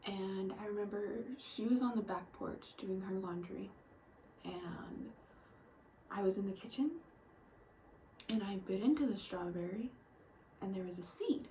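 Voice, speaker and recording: Young woman telling stories in a vlog, soft and breathy, kinda emotional, mid-pitched voice. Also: a little hiss or hum, poor audio. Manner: soft-spoken, often near a whisper, halting. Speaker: vlogger. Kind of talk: personal storytelling vlog.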